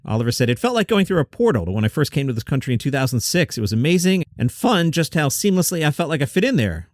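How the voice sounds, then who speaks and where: A man's voice: on the high side, very animated, quick pace, darkish tone, no room sound, clean studio sound. A man hosting a comedy news roundup, reading out quotes and adding wry, sarcastic asides.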